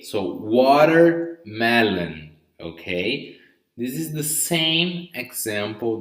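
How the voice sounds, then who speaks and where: A male English teacher leads a live online vocabulary lesson at a very slow, careful pace. He keeps checking in with his listeners, and his pitch swings widely from word to word. His voice rings out in a noticeably echoey room. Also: fairly bright tone. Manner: slow, patient, often checks with "okay?". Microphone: live stream mic.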